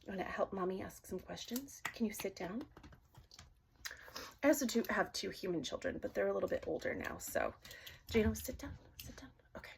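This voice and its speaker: Soft, gravelly-voiced woman half whispering. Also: mid-range voice, expressive, slight background noise. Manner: soft-spoken, halting, often drops to a whisper. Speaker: dowsing-rod reader. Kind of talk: casual spoken session asking questions.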